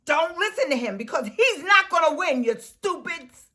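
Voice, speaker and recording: A woman delivering an impassioned, scolding political rant in a vlog, preaching and swinging between soft and loud. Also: extremely high pitch, lively intonation, moderate pace. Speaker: political commentary vlogger.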